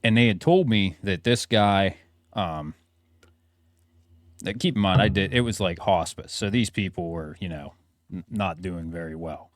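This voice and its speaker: Lower-voiced man telling stories. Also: a little slow, dry recording, clean studio sound. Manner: animated anecdote teller, swears casually. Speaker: podcast co-host. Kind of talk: casual chat.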